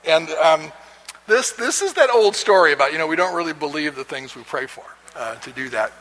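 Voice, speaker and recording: A man's voice: a little high, expressive, brisk, fairly bright tone, a little hiss or hum. A man teaching a Bible class in a chatty, storytelling way, chuckling and restarting often, in an echoey hall. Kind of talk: casual lecture with storytelling.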